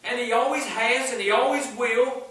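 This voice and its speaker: High, bright-voiced preacher in an echoing church. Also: male voice, fairly even intonation, moderate pace. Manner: fervent, emphatic, repeats refrains. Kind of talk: sermon. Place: church sanctuary. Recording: echoey church from far off.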